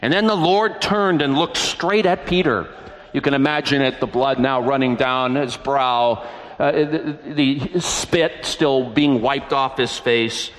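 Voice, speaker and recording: A man's voice: mid-range voice, slow, fairly bright tone. A man delivers a sermon, retelling scripture with earnest, emphatic storytelling. His voice sits in an ordinary middle register. The sound rings out in a large reverberant church hall. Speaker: preacher.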